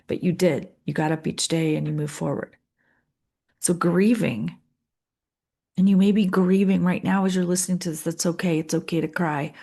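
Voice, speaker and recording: A middle-aged woman coach speaking gently and with empathy in a podcast monologue, often repeating and listing phrases. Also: on the low side. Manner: gentle, empathetic, with repetition and lists. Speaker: leadership coach.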